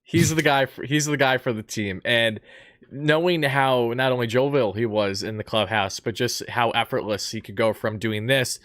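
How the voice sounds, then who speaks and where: A man's voice: medium pitch, moderate pace, fairly bright tone, dry recording, studio quality. A man hosting a sports interview, talking eagerly as a fan, with frequent uh fillers. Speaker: podcast host. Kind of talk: fan-focused sports talk.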